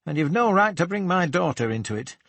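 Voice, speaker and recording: A man's voice: mid-range voice, big pitch swings, unhurried, vocal fry, a bit bright, slightly rough, no room sound, full character voice. A man voicing a nervous older shop manager who hesitates, fumbles, then turns indignant under questioning.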